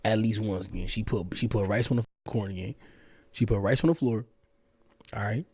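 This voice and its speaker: A man's voice: fairly low pitch, moderate pace, a little mellow, slightly rough, dry recording. A man hosting a reaction stream, joking in a slangy, casual way and talking to his chat. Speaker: streamer host.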